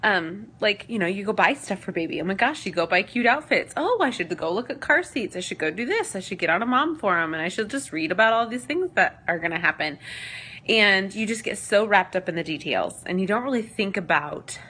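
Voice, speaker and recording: A woman's voice: mid-range voice, lively intonation, fairly quick, sharp tone, husky. A pregnant woman in her late twenties, talking on the verge of tears in a rambling, personal vlog full of fillers. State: teary. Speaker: vlogger.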